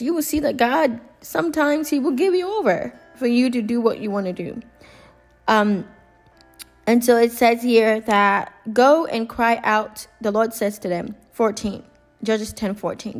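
A woman teaching a Bible study, reading scripture and paraphrasing it expressively in casual speech. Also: on the high side.

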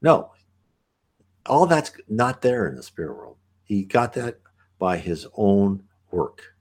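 Lowish man reading aloud with asides. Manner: alternates formal reading with animated, halting explanation. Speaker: reader and commentator. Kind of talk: reading a spiritual book aloud with commentary.

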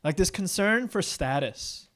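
A young man delivers a relaxed, conversational sermon in a slightly raised voice. He talks candidly and pokes fun at himself. He keeps checking in with his listeners with a quick "right?" as he goes. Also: sits high. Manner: candid and self-deprecating, many fillers and rhetorical "right?". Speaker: pastor.

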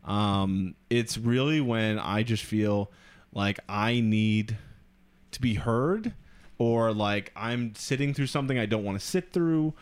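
A man's voice: on the low side, slow, smooth. Rambling man telling a story. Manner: rambling, with many filler words. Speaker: podcast co-host. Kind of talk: casual storytelling chat.

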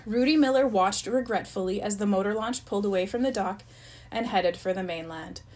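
A woman's voice: medium pitch, fairly quick, rough recording. Woman reading a story aloud. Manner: even storytelling narration. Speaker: reader.

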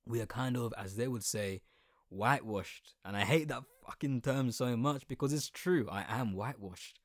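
A man's voice: mid-range voice, moderate pace, no echo, clean studio sound. A young man from England with an English accent, whose first language was Sylheti Bengali, talking candidly in a casual, conversational monologue and swearing now and then. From Colchester, England. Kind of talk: personal reflective monologue.

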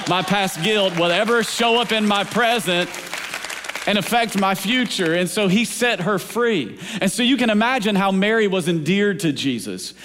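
A man delivers a sermon as pastor in a church sanctuary, his voice sitting fairly high for a man. He preaches in rhythmic runs and keeps checking that the congregation is following. The sound carries the long reverb of a large hall. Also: fairly bright tone.

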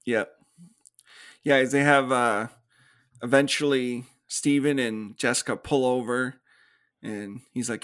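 Speaking a little slowly with long pauses, this man has a smooth, mid-range voice that's a bit bright. He co-hosts a podcast, chatting casually about a movie as he recaps it, voices the characters, and laughs often.

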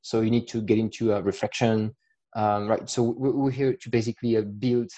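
Mellow-voiced man with a French accent. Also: lowish voice, level tone. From south of France. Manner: thoughtful, halting, with many fillers and repeated words. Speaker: guest, coach and startup founder. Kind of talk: casual podcast interview.

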